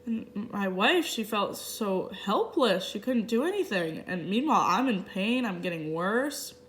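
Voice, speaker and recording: A woman interpreter voicing a signer's first-person story aloud in short, halting phrases with restarts. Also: medium pitch, a bit bright, a little hiss or hum. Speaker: sign language interpreter.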